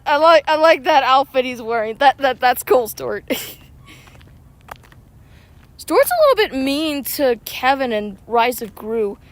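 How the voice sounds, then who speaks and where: A woman streaming a mobile game outdoors, chatting excitedly with viewers and arguing back at them. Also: sits high. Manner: excitable, argues back at chat. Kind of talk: casual chat with viewers while playing. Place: outdoors, walking.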